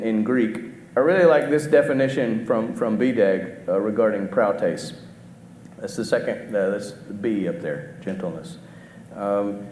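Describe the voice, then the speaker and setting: Preacher asking questions in an echoey church hall. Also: male voice, fairly low pitch, darkish tone. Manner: asks the congregation questions, halting restarts. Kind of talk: conversational sermon. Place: church auditorium. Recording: echoey hall with faint background noise.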